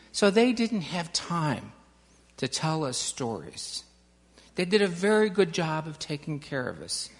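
Slow storyteller in an echoing church. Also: mid-range voice, a bit bright. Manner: slow, questioning the children, dramatic pauses. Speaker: children's message speaker. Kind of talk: storytelling to children in a service. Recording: long reverb, large hall.

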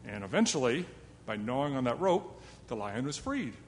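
A man's voice: mid-range voice, sing-song, moderate pace, slight background noise. Man telling a fable in a reverberant hall. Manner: chatty and self-deprecating, with asides to listeners. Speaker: storyteller. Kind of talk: telling a fable to a young audience.

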